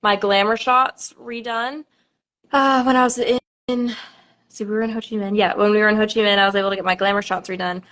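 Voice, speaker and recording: A woman's voice: medium pitch, steady tone, brisk, a bit bright. A young woman, a pageant contestant, chatting on a live stream with nervous laughter and many fillers.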